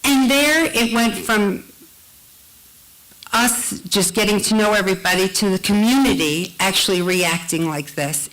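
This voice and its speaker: A woman speaks into a stage microphone at a storytelling night, her voice sitting at an ordinary middle pitch. She tells a personal story in a heartfelt way and slows down to lean on the lines that matter. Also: fairly bright tone, low-quality recording. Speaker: storyteller at a live event. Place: live storytelling event.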